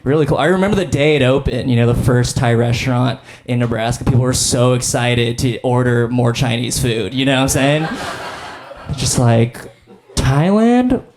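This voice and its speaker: Young guy doing standup, rambly and chill, mid-pitched voice, bit of faint hiss. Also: steady tone, normal speed, a little mellow. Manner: rambling, laid-back, filler-heavy with frequent "like" and "I don't know". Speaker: stand-up comedian. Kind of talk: stand-up comedy set. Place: comedy stage before a live audience.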